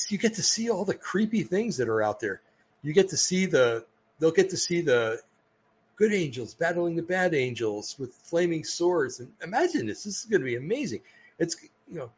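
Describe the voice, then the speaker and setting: An American man hosting a podcast, talking casually about religion in a rambling way, with many pauses and restarts. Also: mid-range voice, husky, lo-fi sound. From United States. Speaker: podcast host. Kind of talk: casual religious talk monologue.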